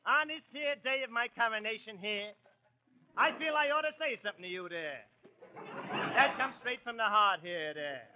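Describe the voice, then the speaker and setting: A man's voice: high-pitched, animated, moderate pace, highs cut off. Brash man hosting old radio comedy. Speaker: comedy show host. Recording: old radio broadcast, hiss.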